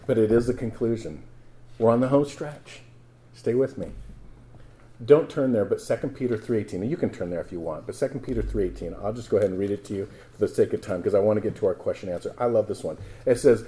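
A man's voice: medium pitch, mellow. A man preaching a sermon to his church as pastor, talking casually to the congregation and rising to emphatic scripture reading.

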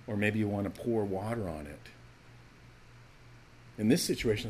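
A man preaching a sermon to his church, animated and emphatic, acting out the scripture's voices as he teaches. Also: fairly low pitch, moderate pace, long pauses, slight background noise. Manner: animated, acts out quoted lines, rising to emphatic calls. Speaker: pastor.

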